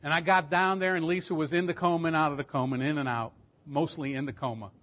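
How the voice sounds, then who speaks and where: High-voiced, emphatic middle-aged preacher man. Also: fairly even intonation, fast. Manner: emphatic, swelling louder and higher at key points. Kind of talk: storytelling sermon.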